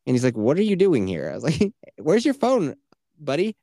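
A man's voice: a little high, normal speed, no room sound. A man spins a rambling, profane story on a podcast, acting out everyone's lines with a voice that leaps up and down. The sound is close and dry, with no room around it. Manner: animated, profane, acts out voices in his stories. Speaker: podcast co-host. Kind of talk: casual storytelling chat.

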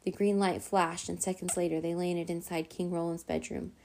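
Female storyteller, low and dark-toned, with some fry; steady children's-book narration. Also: moderate pace, slight background noise. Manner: steady, even read-aloud narration. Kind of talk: reading a children's chapter book aloud.

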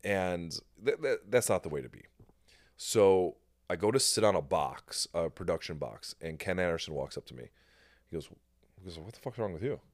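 A man with a very low voice hosts a casual podcast chat, telling his story with energy and acting out the other people's lines. He swears freely. The recording is dry and close to the mic. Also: normal speed, dry recording. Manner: animated storyteller, swears freely, acts out quotes. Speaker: podcast host.

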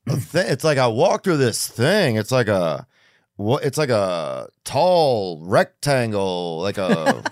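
A man's voice: on the low side, big pitch swings, takes it slowly, dry recording, clean studio sound. A man hosting a podcast, laid-back and playful in casual chat. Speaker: podcast host.

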